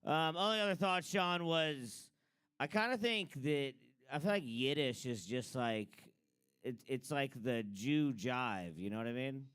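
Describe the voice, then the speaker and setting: A man's voice: mid-range voice, expressive, measured pace, a bit bright, clean tone, dry recording. A man hosting an open mic and doing stand-up, talking in a loose, rambling way full of fillers. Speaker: open mic host and comic. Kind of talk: stand-up comedy.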